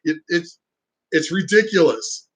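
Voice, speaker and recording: A man ranting on his own vlog, profane and exasperated, now and then mocking others in shrill voices. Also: lively intonation, measured pace, fairly bright tone, poor audio. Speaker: channel host.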